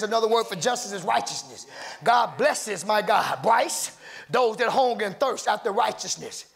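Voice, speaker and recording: A man preaching a sermon as pastor, rising into shouted, half-sung cadences and calling out to people in the congregation. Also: high-pitched, expressive, moderate pace, gravelly. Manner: calls out to congregation members by name.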